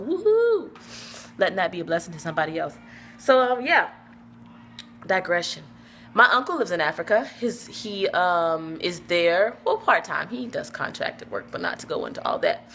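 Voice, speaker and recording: An American woman in her thirties, vlogging casually from home with a stuffy nose from a cold, animated and playful, sometimes slipping into put-on accents. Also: fairly low pitch, slight background noise. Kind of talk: casual vlog talk. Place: at home, downstairs.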